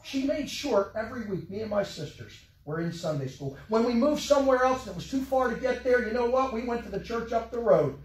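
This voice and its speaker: A man preaching a sermon, telling a personal story with emotion, his voice dropping soft and rising again. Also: very high-pitched, animated, brisk, hardly any pauses, roomy sound, distant mic, low-quality recording. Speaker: pastor. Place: church sanctuary.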